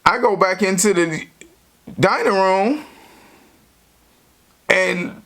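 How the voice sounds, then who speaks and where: A man's voice: fairly high pitch, animated, unhurried, fairly bright tone. A man telling a personal story in a casual, rambling way, full of slang and constant "you know" fillers.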